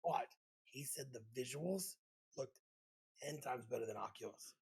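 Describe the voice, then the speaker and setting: A man's voice: mid-range voice, lively intonation, unhurried, a little mellow, breathy edge, rough recording. A man co-hosting a gaming podcast, chatting casually and with enthusiasm. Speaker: podcast co-host. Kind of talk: casual chat.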